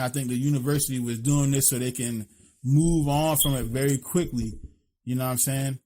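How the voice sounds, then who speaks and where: Man, Philadelphia accent, podcast co-host, blunt, profane, mid-pitched, casual. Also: warm tone. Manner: blunt, profane, says "you know what I'm saying" constantly. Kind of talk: casual opinionated podcast talk.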